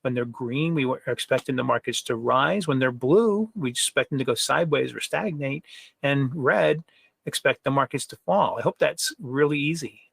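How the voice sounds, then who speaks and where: A man presenting trading software in a conversational webinar, with frequent fillers and rhetorical questions. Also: mid-range voice, moderate pace, gravelly, breathy edge, dry recording.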